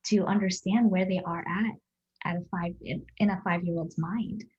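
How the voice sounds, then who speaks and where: A woman's voice: fairly low pitch, steady tone, normal speed, darkish tone, muffled recording. A woman in a podcast conversation who speaks thoughtfully and reflectively and affirms what the other speaker says.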